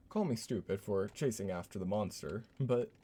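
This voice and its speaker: A man's voice: lowish voice, mellow, slightly rough. A man playing a horror game live, joking and laughing as he reads notes aloud in a put-on voice. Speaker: streamer.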